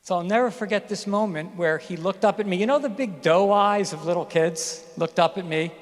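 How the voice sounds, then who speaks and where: A middle-aged man addresses a graduating class, telling a personal story candidly and with emphasis. His voice sits a little high for a man. The sound carries a long reverb from the ceremony hall. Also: a little fast. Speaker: commencement speaker, physician. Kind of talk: graduation speech.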